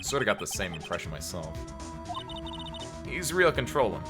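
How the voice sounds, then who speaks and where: A man's voice: low-pitched, big pitch swings, normal speed, over loud music, pitched below the performer's own voice. A man voicing a brash young woman photographer in a put-on American Southern accent while reading game dialogue aloud, folksy and blunt.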